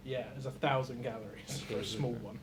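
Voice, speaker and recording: A man's voice: mid-range voice, steady tone, fairly quick, crowd noise. A young man co-hosting a podcast, teasing and joking in casual chat. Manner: jokey, teasing. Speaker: podcast co-host.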